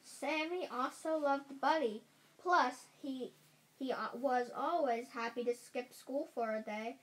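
Woman reading a kids' chapter book aloud at a slow pace; careful delivery, frequent slips and self-corrections. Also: a little high, fairly even intonation, poor audio. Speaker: reader.

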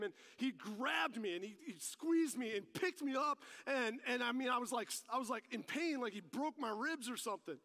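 A pastor's very high-pitched, fairly bright voice fills a large hall with long reverb as he delivers a church sermon. He talks animatedly, blending instruction with stories from his own life and driving his points home with mounting emphasis.

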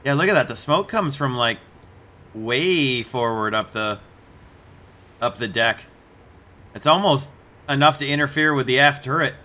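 Male game host, casual chatty commentary, bright edge to the voice. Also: medium pitch, unhurried, long pauses. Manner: chatty, amused, puts on mock accents for jokes. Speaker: gameplay video host.

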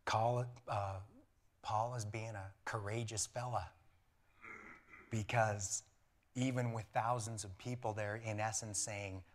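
A pastor preaching a lively sermon in church, animated and laughing, often acting out voices. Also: male voice, fairly low pitch, a little slow.

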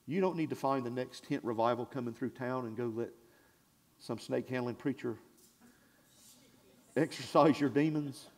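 A male pastor preaching a sermon in a church, swinging from shouted declarations to hushed asides in a folksy, conversational way. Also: mid-range voice. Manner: conversational, drawn-out and folksy, with audience call-and-response.

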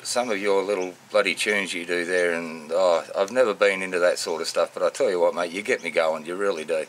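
Slangy Australian man, low voice. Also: steady tone, a little fast, fairly bright tone, a little hiss or hum. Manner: matey, rambling, full of slang. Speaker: vlogger. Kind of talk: casual unscripted shout-outs.

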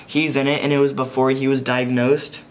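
A man's voice: medium pitch, flat delivery, fairly quick, slight background noise, poor audio. A teenage male vlogger chatting casually to a handheld camera, rambling and circling back with "anyways" between thoughts. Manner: rambling, keeps saying "anyways". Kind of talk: casual vlog chat to camera. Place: partly outdoors in wind.

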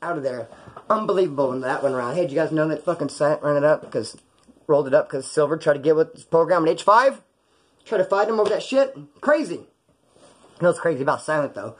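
A man's voice: fairly high pitch, husky. A man casually telling profane prison stories, acting out the people in them, in a small hot room. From California. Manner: animated, profane, acts out quoted voices. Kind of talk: casual storytelling.

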